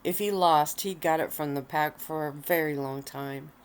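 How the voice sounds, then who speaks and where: Low-voiced woman reading her story softly. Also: smooth. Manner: soft, unhurried and relaxed. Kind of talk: relaxed read-aloud storytelling. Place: at home, lying on a bed of pillows.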